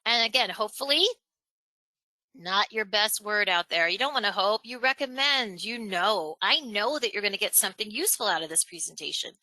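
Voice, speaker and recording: A woman presenting a live webinar on speaking skills, animated and chatty, acting out examples. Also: fairly quick, no room sound, poor audio. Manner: animated, acts out examples in a higher voice, laughs between points. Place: online webinar, home or office.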